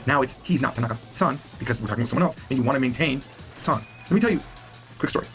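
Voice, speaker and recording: A man gives a recorded language lesson at a rapid clip, his somewhat high voice rising and falling with plenty of life. He keeps it playful and acts out the example lines he explains. The tone stays that of a teacher on video. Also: big pitch swings, a bit bright, soft background music.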